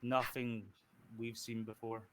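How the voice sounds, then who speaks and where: A man, narrating a tabletop game as game master in a relaxed, halting way. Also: medium pitch, no echo.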